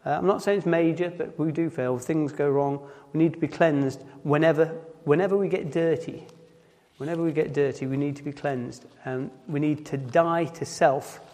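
A man's voice: a little high, steady tone, darkish tone. Nottinghamshire man preaching in a reverberant hall. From Nottinghamshire, England. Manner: halting, repeats words and restarts often. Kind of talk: informal sermon.

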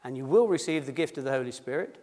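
A man's voice: medium pitch, lively intonation, fast, a little mellow. A man preaching a sermon at a baptism service, a pastor who drops his H's and reads scripture before explaining it in plain, conversational words. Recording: long reverb in a church hall.

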